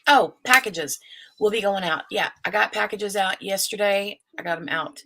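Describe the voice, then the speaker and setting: A woman's voice: mid-range voice, moderate pace, sharp tone, rough recording. A woman hosting a casual crafting live stream from home, rambling and chatty, restarting her thoughts as she goes. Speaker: crafting channel host. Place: at home, seated in her chair. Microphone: desk microphone.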